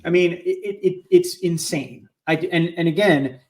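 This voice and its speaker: A man's voice: on the high side, unhurried, a little mellow, slight background noise. A man co-hosting a casual podcast, talking bluntly and emphatically about politics, cursing freely. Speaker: podcast co-host.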